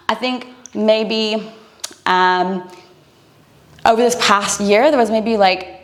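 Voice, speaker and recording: An earnest woman coaching listeners through breathing habits. She speaks at a middle pitch with an encouraging, instructive tone, as if talking straight to camera. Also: a bit bright.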